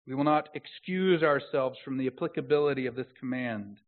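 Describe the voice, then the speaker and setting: A man preaching a sermon as a pastor, swinging from soft, close, earnest phrases to loud, slowed, emphatic proclamation. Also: medium pitch. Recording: tinny phone-like sound.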